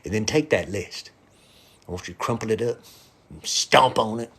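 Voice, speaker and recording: A middle-aged man, a musician and comedian, chatting loosely and irreverently to viewers on a live stream, sometimes dropping to a hushed whisper. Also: on the low side, animated, normal speed, slightly rough.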